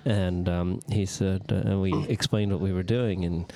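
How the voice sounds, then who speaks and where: A man's voice: deep voice, fairly even intonation, moderate pace, vocal fry, mellow. A man co-hosting a casual podcast from a coffee shop, dropping dry, joking asides. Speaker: podcast co-host.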